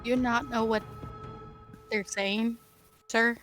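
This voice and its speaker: A young adult woman playing a tabletop game, halting and unhurried, often restarting her sentences. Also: fairly high pitch, level tone, a bit bright, soft background music. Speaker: player. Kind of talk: tabletop game play, casual chat.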